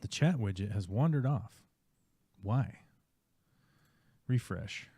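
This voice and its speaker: A man's voice: lowish voice, expressive, takes it slowly, mellow, slightly rough, no echo, studio quality. A male streamer giving casual, wry commentary while he plays a strategy game live.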